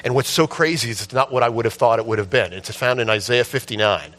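A man preaching a sermon, telling a story with passion and building to shouts at its peak. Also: mid-range voice, quick pace. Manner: impassioned storytelling, rising to shouts at the climax. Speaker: pastor.

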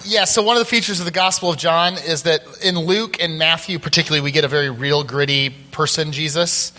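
Pastor leading a group discussion, male, a touch high, lively and joking, reverberant hall. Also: a little fast. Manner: animated, playful, thinks aloud. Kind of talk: casual church Bible discussion.

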